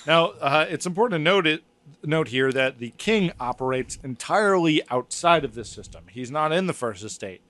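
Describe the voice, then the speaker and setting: A man's voice: on the high side, animated, normal speed, a bit bright, dry recording. A man hosting a comedy history podcast, reading from his script in a rambling, laughing, swearing way. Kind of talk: casual comedic history chat.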